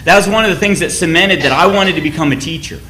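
A man's voice: on the high side, fast talker, pushed and bright, echoey room, a little hiss or hum. A man giving a sermon in a conversational, anecdotal way, often restarting his phrases. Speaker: church speaker.

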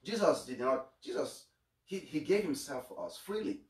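A man's voice: a little high, sing-song, moderate pace, far from the mic. A man giving a homily as a priest, earnest, often repeating his first words and stumbling on starts. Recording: echoey room, voice away from mic.

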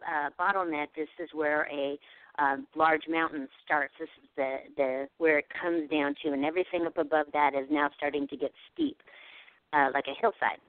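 Woman guest, casual animated storyteller, tinny phone-line audio. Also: deep voice, normal speed, clear, resonant tone, no echo. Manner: animated, acts out quoted dialogue. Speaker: guest telling an encounter story. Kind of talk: casual storytelling on a radio show.

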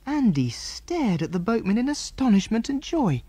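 A man narrating a children's adventure audiobook in a measured storytelling manner. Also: very high-pitched, very animated, warm tone, breathy edge, no echo. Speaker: audiobook reader.

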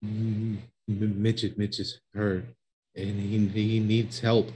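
Hesitant low-voiced man playing a game. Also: flat delivery, takes it slowly, mellow, a little hiss or hum, rough recording. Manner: hesitant, stammering. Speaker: player. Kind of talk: casual tabletop play.

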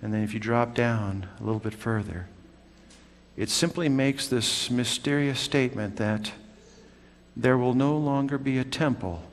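A man preaching a sermon in a church, swinging from loud calls down to hushed whispers. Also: mid-range voice, unhurried. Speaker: pastor. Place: church sanctuary. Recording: long church hall reverb.

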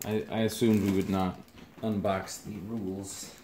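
A man's voice: low-pitched, level tone, unhurried, dark tone, slight background noise. A young man chatting casually with his partner in a home vlog, dry and joking. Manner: dry, joking, playfully puts on accents. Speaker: vlogger's partner. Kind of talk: casual conversation.

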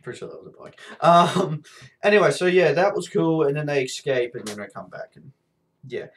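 A man's voice: on the high side, lively intonation, fairly quick. Rambling man with a sore throat. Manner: rambling, swears a lot, many fillers. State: sore throat, blocked nose. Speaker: TV episode reviewer. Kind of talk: casual rambling review.

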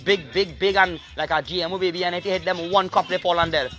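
A man holds forth in a rambling, preachy monologue, hammering his points home with emphasis. His voice is bright and forceful and sits a little high. Faint music plays behind him. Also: fairly even intonation, fast talker. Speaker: show host.

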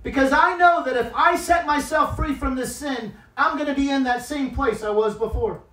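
Speaking at normal speed in a very high voice, a guest preacher alternates between quiet, tearful confession and forceful, loud exhortation. He was captured by a far-off microphone in a church hall full of echo.

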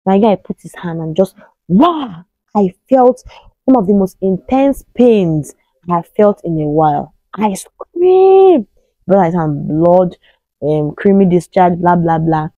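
A Nigerian woman in her thirties speaks with a Nigerian accent in a slightly low, mellow voice. She tells a personal story to the camera and acts out the voices of the people in it. The sound is close and dry, with no room echo. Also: unhurried, lo-fi sound. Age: 30s. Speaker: vlogger.

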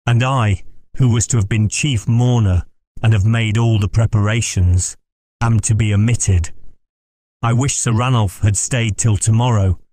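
A man voicing a fussy, excitable gentleman who complains and grumbles in an audiobook. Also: lowish voice, unhurried, no echo, clean studio sound. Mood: grumbling. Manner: complaining, huffy. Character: fussy, excitable male gentleman, self-pitying.

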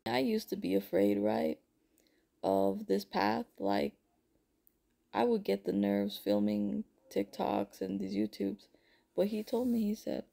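Woman, very gravelly voice, mellow tone, rambling heartfelt vlog testimony. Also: medium pitch, big pitch swings, slow pace. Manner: emotional, rambling, addresses viewers as folks and honey. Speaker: spiritual content creator.

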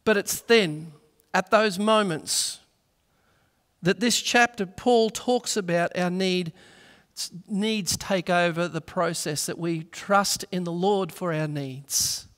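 A man's voice: high voice, takes it slowly, a bit bright. A man preaching a sermon in a church, telling a story earnestly and acting out the voices in it. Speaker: pastor. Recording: reverberant church hall.

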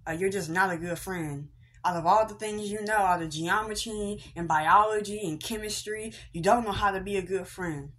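A woman's voice: mid-range voice, normal speed, a bit bright. A young woman vlogger telling an indignant, slangy story in a casual rant.

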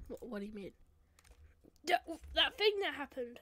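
A woman with a high, bright voice doing casual voice acting for a game machinima. She bursts into shouts, drops to mumbles, and keeps restarting her sentences. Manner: excitable, quick swings between shouting and mumbling; halting speech with many restarts.

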